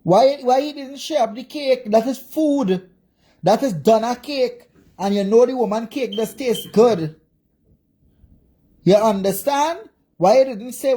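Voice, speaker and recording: A woman's voice: medium pitch, measured pace, dark tone, husky. A woman with a Jamaican accent, ranting angrily on a livestream with constant profane insults. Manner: profane, insulting, repetitive cursing. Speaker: social media commentator. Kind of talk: angry livestream rant.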